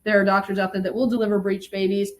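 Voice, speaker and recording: A middle-aged woman, a birth educator, explaining in lively conversation and sometimes acting out what new mothers say. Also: medium pitch, fast talker, low-quality recording. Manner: animated, acts out quoted moms.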